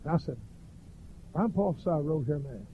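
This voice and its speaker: A middle-aged man preaching a fervent revival sermon that swells into shouted cries. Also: on the high side, expressive, normal speed, slight background noise. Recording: dull lo-fi recording.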